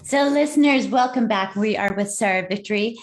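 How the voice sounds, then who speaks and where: A woman's voice: mid-range voice, fairly quick. A woman hosting an interview podcast, reacting to her guest with encouraging interjections. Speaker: host.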